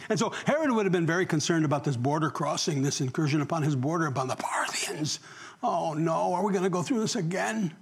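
A male pastor delivers a sermon in a church, talking to the congregation and often quizzing them. His voice sits high with a husky grain, and he moves between loud, animated questions and quiet asides. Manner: conversational, asks the congregation questions, jokes.

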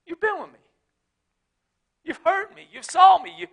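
A pastor delivers a sermon in a strikingly high, bright voice. He builds to shouted, repeated declarations, then drops into quiet, laughing asides with a down-home tone. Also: moderate pace, creaky, highs cut off. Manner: preaching with rising shouted emphasis, then folksy asides; casual, joking, speaks of his wife.

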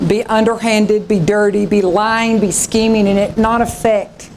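A woman's voice: mid-range voice, fairly even intonation, a little slow, a little mellow, a little hiss or hum. A woman pastor preaching a revival sermon, fervent and dramatic, acting out the voices of scripture.

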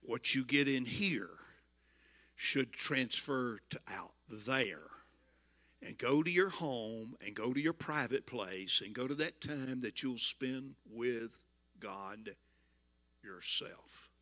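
A man in his seventies with a Southern US accent, telling stories in a folksy sermon and building to loud exclamations. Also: mid-range voice, animated, slow pace. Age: 70s. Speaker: visiting preacher. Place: church.

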